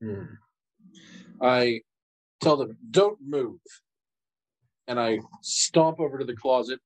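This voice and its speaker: Animated man playing a tabletop game. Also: slow, poor audio. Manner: animated, jumps into high character voices. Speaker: player.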